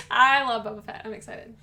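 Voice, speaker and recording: A woman co-hosting a live-stream podcast, chatting casually in a playful, excitable way. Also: fairly high pitch. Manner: playful, excitable, jokes a lot. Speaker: podcast co-host.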